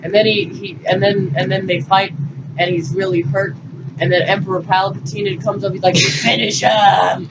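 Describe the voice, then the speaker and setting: A man's voice: sits high, flat delivery, normal speed. A teenage boy giving a goofy, profane movie recap, acting out characters in silly voices. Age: teens. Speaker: storyteller. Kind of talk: rambling comedic movie recap. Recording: distant muffled mic with loud noise.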